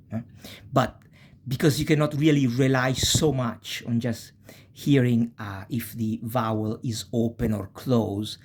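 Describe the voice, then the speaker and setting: A man teaching a video language lesson. He pronounces example words slowly and often checks in with the listener with short "eh?" or "okay?" tags. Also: lowish voice, darkish tone, husky. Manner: says Italian example words slowly and deliberately.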